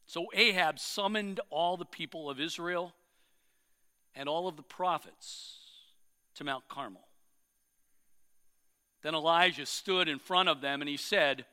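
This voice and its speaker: Man preaching a bible story, bright crisp voice, slow and dramatic. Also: on the high side, expressive, big-room sound. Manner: dramatic storytelling, swelling for emphasis. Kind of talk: sermon retelling scripture.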